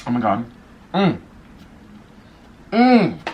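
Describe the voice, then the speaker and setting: A man's voice: mid-range voice, wildly swooping pitch, extremely slow, a little mellow, a little hiss or hum. A man doing a casual eating vlog as a YouTuber, gushing and exclaiming over his food between bites, indoors by a window. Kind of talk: mukbang eating vlog chatter. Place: indoors by a window in a city apartment.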